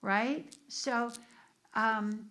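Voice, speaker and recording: A woman's voice: on the high side, extremely slow, sharp tone. A middle-aged woman minister from the United States, leading an informal discussion and telling stories with restarts and asides. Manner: conversational, storytelling, with restarts and asides. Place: church meeting room.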